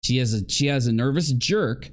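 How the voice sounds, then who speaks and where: Animated, chatty male livestream commentator. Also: medium pitch, moderate pace. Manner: chatty, talks straight to viewers, acts out reactions. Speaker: commentator reacting to livestream clips.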